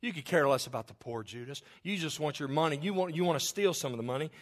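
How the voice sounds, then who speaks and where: A calm, stern man firmly scolding a thief, dropping his voice low and steady, as a preacher puts him on in a sermon. The rebuke is quiet but unbending. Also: fast talker, long reverb tail.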